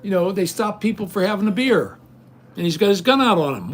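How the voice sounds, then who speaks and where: Ranting indignantly and rambling directly to his viewers, an older livestream host speaks in a high, sing-song voice at a brisk clip.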